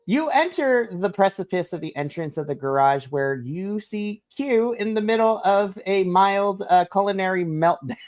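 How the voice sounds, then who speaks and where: A woman's voice: mid-range voice, lively intonation, unhurried, darkish tone. A woman narrating a tabletop game as game master, rambling with lots of fillers and giggles.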